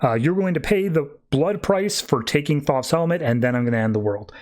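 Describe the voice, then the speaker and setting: A man's voice: a little high, expressive, fairly quick, a little mellow, lightly acted. Boastful jackal-headed death god done by a man, taunting, mocking, casual recap voice. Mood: menacing.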